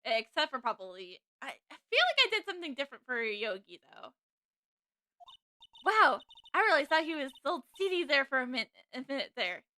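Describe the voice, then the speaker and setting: A woman's voice: high voice, big pitch swings, moderate pace, bright, forceful tone, dry recording, studio quality. A young woman giving casual, chatty commentary while reading through a courtroom game. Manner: chatty, laughing asides. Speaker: let's play streamer.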